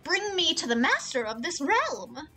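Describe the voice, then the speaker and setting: A woman's voice: very high voice, sing-song, a little slow, pushed and bright, soft background music, voice pushed up, exaggerated voice. A woman voicing a haughty young male magical apprentice in a game, with a stiff, imperious delivery.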